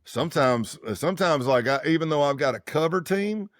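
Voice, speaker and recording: A man's voice: a little high, brisk, no room sound, clean studio sound. A man in his fifties, a former undercover agent, telling stories casually in an interview and acting out dialogue in different voices. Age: 50s. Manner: acts out quoted dialogue in lively voices; loose, rambling, self-correcting speech.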